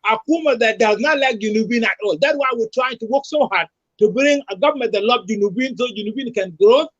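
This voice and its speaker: A man, a candidate being interviewed who drives his points home by repeating them. His voice sits high for a man. The call audio sounds dull and lo-fi. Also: brisk. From South Sudan. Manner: emphatic, repetitive rallying speech. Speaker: presidential candidate, guest. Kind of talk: remote talk-show interview.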